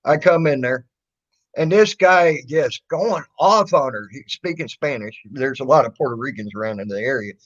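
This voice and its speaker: A man's voice: medium pitch, moderate pace. A man telling stories in casual chat, acting out what people said to him. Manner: animated, quotes people in raised voices. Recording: dull lo-fi audio.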